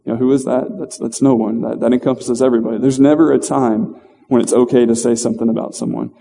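A man giving an informal, conversational sermon in a church, halting with fillers and restarts. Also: mid-range voice, steady tone, gravelly, dark tone, big-room sound. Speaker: lay preacher. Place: church hall.

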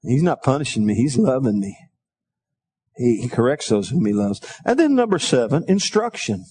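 A middle-aged man preaching a sermon, calling for responses from the congregation and telling folksy stories in a quieter aside voice. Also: very animated, normal speed, slight background noise. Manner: folksy storytelling, drops to a low aside. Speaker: pastor.

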